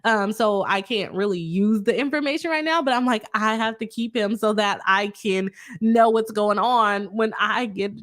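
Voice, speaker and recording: A woman's voice: mid-range voice, normal speed, hardly any pauses, a bit bright. A young woman, a lawyer hosting a casual livestream, chatting, laughing often and reading out viewers' comments. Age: young adult. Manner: chatty, laughs often, reads out chat messages. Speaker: livestream host, attorney.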